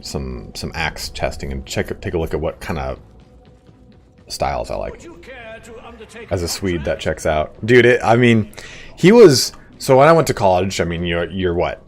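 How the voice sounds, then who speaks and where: A man in his thirties talks loosely over his game stream, rambling from one story to the next with frequent laughs and casual swearing. His voice sits fairly low. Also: very animated, unhurried, slight background noise. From California. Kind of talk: casual chat while gaming.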